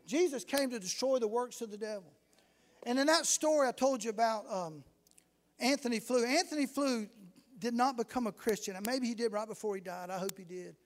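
High-voiced preacher in echoing hall. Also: male voice, a little fast. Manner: storytelling, rising to fervent shouts. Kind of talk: sermon. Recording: long reverb in a hall.

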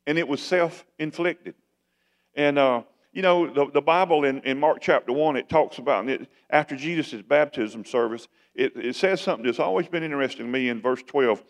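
A man's voice: mid-range voice, normal speed. A man preaching a sermon as pastor, in a folksy, conversational way that keeps asking the congregation questions.

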